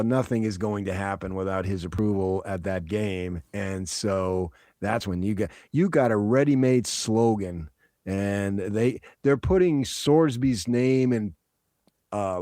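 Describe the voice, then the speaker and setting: A man's voice: lowish voice, measured pace, no echo, clean studio sound. A man from New Jersey hosting sports radio, joking and riffing in casual talk. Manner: joking, animated, riffing with laughs.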